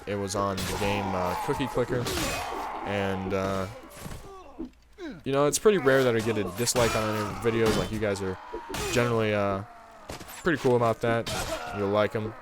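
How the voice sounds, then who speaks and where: A man's voice: on the low side, steady tone, normal speed, pauses often, noisy background. A young man hosting a gaming channel who tells a meandering story over his gameplay. He talks casually and fills his sentences with "um" and "like.". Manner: casual and meandering, heavy on fillers like "um" and "like".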